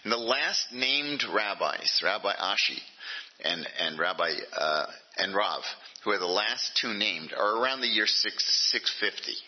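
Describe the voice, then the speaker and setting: Husky older man lecturing a class. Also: fairly low pitch, lively intonation, a little slow, muffled recording. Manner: conversational, checks in with the class often. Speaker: rabbi teaching a class. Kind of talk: informal adult education lecture. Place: meeting room with a class.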